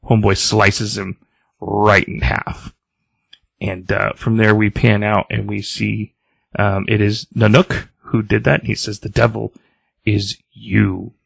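There's vocal fry and a breathy edge in this co-host's lowish, unhurried voice. He animatedly retells a comic's story in casual podcast chat, loosely reading out its characters' lines, with no room sound in the recording.

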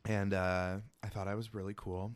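A man hosting a casual podcast chat, campy and animated, telling stories with lots of laughter while eating. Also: deep voice, moderate pace, smooth. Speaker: podcast host. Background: eating while talking.

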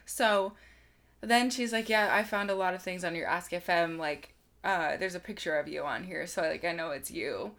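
A woman's voice: fairly low pitch, moderate pace, a bit bright. Rambling young woman full of fillers. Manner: rambling, heavy "like" fillers, swears freely. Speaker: podcast co-host. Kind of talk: casual storytelling chat.

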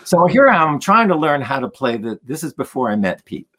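A man telling stories in conversation as a guest musician, animated and acting out the voices of the people in them. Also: medium pitch, fairly quick. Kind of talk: storytelling in a conversation.

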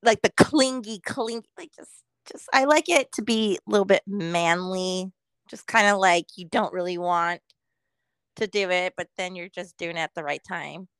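A woman's voice: fairly low pitch, moderate pace, fairly bright tone, smooth, no room sound, rough recording. Middle-aged woman in casual podcast chat. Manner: chatty, laughing often, quoting others in voices. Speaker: podcast co-host.

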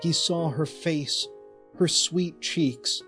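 Slow, dramatic male horror narrator. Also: a little high, pushed and bright, soft background music.

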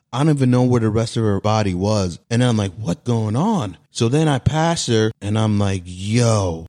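A man telling a comic story from his bedroom, exasperated and animated, acting out his own lines in mock dialogue. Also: on the low side. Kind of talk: comedic storytelling monologue.

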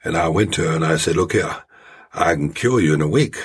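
A man doing an impression of a deadpan older male humorist in his seventies, with a Southern accent and slightly jerky phrasing. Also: deep voice, fairly quick, husky, heavily acted. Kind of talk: storytelling impression.

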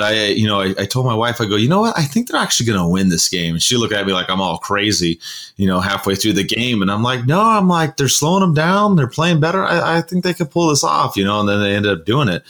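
A man's voice: sits low, fairly bright tone. A man co-hosting a casual sports podcast, talking in a loose, rambling way with lots of fillers and restarts. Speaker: podcast co-host.

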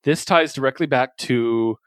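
A man's voice: medium pitch, a little slow, clear, resonant tone, dry recording. A man hosting a casual podcast, recapping comic books with loose, enthusiastic chatter and the odd swear. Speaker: podcast host reviewing comics. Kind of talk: casual chat.

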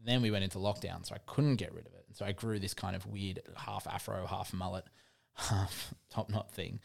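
A man's voice: deep voice, fairly even intonation, moderate pace, vocal fry. A man co-hosting a podcast, chatting casually, teasing his co-host and laughing often. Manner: laughing, teasing, swears freely. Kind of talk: casual chat.

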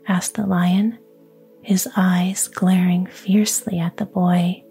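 A woman reads a fairy tale entirely in a whisper. Her voice is breathy, mellow and very unhurried, with soft music underneath. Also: fairly low pitch, flat delivery. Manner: whispers throughout. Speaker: storyteller.

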